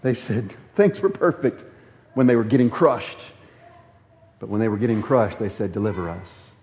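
A man preaching a sermon, switching between voiced complaints from scripture and low, quiet asides to the congregation. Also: normal speed. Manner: acts out quoted complaints in raised voice, then drops low and quiet. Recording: dull lo-fi sound in a reverberant hall.

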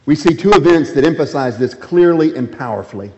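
A man's voice: animated, fairly quick. Man preaching in an echoing hall. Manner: acts out quoted complaints in raised voice, then drops low and quiet. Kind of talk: sermon. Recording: dull lo-fi sound in a reverberant hall.

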